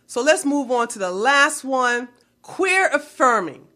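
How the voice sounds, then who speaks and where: A woman's voice: high-pitched, measured pace, sharp tone. A woman vlogger delivering a heated, blunt commentary rant full of swearing. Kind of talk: profane ranting commentary.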